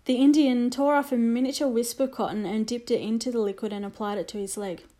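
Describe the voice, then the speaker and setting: A woman reading a children's storybook aloud in a measured, expressive way. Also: a little high. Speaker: narrator.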